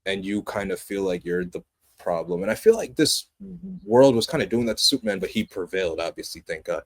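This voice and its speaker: A young adult man co-hosting a podcast, chatting casually about a movie in an animated, passionate way that swings from loud excitement to low, earnest tones. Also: a little fast, vocal fry. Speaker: podcast co-host. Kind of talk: casual movie review chat.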